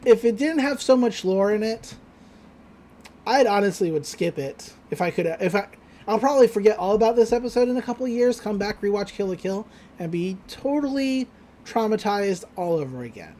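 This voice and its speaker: A woman's voice: medium pitch, animated, fairly quick, warm tone, a little hiss or hum. A young woman co-hosting a podcast, chatting casually and rambling through an episode recap. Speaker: podcast co-host.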